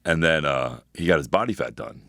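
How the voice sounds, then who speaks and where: Gravelly deep-voiced trainer, rapid and blunt. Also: male voice, expressive, fairly bright tone, dry recording, studio quality. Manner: blunt, profane, rambling with many fillers. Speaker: personal trainer and podcast co-host. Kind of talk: casual advice podcast chat.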